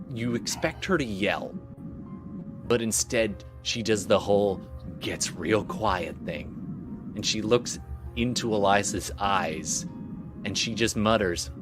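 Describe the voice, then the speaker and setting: A male game master narrating a tabletop game scene at an unhurried pace. He describes the action in detail, restarting phrases as he goes, with faint music in the background. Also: fairly low pitch.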